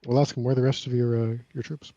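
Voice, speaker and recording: Fast-talking gravelly man, dull lo-fi mic. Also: medium pitch, little pitch movement, dark tone, dry recording. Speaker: player. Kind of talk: casual tabletop banter.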